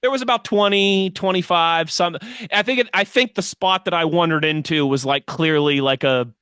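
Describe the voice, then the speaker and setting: Bright, animated man telling stories. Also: fairly high pitch, normal speed, clean tone, no echo, studio quality. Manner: animated storyteller, mimics others' voices. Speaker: podcast co-host. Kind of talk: casual sports chat.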